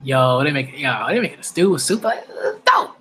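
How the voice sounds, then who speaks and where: An excitable man reacting live to a manga chapter, his voice bright and forward. He talks in slang and repeats his favorite lines over and over. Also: mid-range voice, fairly quick, a little hiss or hum. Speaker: manga reviewer.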